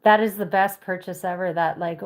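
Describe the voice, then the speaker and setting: A woman's voice: fairly low pitch, steady tone, normal speed, slight background noise. A woman chatting casually on a live stream from a phone, rambling loosely with lots of "like" and "you know". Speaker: livestream host. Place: outdoors in snowy cold with a pet goose.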